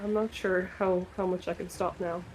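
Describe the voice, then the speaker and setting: A woman voicing a jittery young adventurer who keeps restarting her words and apologizing. The voice sits high, and faint noise hums underneath. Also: expressive. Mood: worried. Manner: halting, apologetic, stammering. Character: young woman, anxious and hesitant. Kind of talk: tabletop in-character roleplay.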